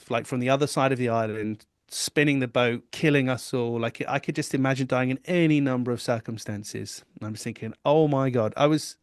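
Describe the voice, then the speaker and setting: A man's voice: mid-range voice, no echo, studio quality. Man candidly retelling an ordeal. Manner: candid, animated retelling with quoted inner thoughts. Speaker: podcast guest. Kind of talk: personal storytelling.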